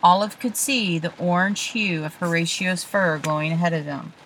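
A woman narrating a children's storybook with hushed, suspenseful storytelling. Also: on the low side, normal speed, slight background noise, poor audio. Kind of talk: storybook reading.

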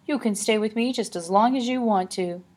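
A woman puts on a genteel ghostly lady from a painting, prim and softly spoken with an old-fashioned politeness. Her voice sits a little raised and slightly husky, with a sly, coaxing edge. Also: on the high side, normal speed, voice pushed up, natural voice. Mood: gracious.

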